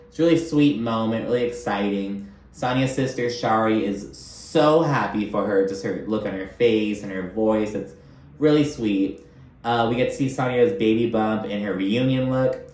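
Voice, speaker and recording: A man's voice: medium pitch, normal speed, echoey room. A man giving a casual, chatty recap of a reality show, swearing freely and acting out the cast's lines. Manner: chatty, animated, swears often, acts out quotes.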